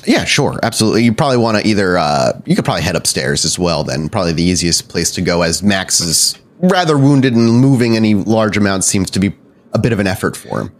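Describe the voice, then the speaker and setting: Low-voiced man running a tabletop game. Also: very animated, quick pace. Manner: descriptive, casual, frequent restarts. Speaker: storyteller, game master.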